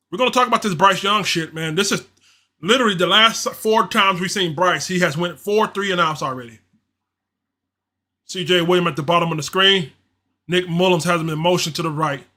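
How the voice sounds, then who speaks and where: High bright-voiced guy doing casual play by play on a fan stream, frustrated and slangy. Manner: frustrated, repetitive, slangy, ranting. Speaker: livestream host doing play-by-play.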